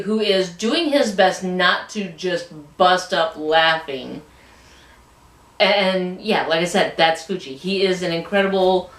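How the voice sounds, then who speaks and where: A woman casually retelling a book's anecdotes in a review, rambling along with lots of fillers. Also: deep voice. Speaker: book reviewer. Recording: roomy, distant mic.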